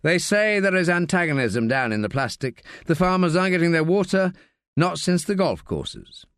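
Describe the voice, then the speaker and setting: A man's voice: a little high, sing-song, moderate pace, fairly bright tone, clean tone, no echo, clean studio sound, voice pushed up. A man playing a persistent, cool-headed police detective, probing and needling.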